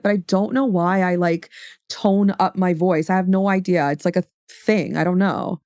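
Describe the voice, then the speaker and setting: A woman's voice: fairly low pitch, steady tone, moderate pace, darkish tone, dry recording. Young female streamer, mid-range voice, chatty and rambling, dry studio mic. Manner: chatty, rambling, swears casually. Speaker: livestream host. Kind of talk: casual stream chat. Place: home streaming setup. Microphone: studio XLR microphone.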